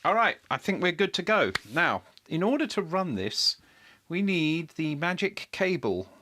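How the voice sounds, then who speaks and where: A man's voice: fairly high pitch, big pitch swings, measured pace, background noise. A man on a live build stream, thinking aloud at his electronics workbench, muttering to himself while he checks parts and hunts for a lost cable, wry and self-deprecating. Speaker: electronics hobbyist host.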